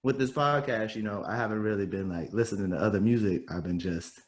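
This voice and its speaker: A man's voice: fairly low pitch, fast talker. A man co-hosting a casual podcast, speaking easily and often repeating words as he thinks. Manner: easygoing, repeats himself as he talks. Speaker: podcast co-host. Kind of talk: casual chat.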